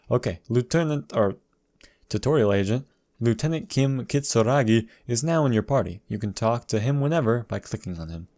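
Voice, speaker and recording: A man's voice: fairly low pitch, darkish tone. A man casually commenting on a video game walkthrough, reading the game's text aloud and adding dry jokes.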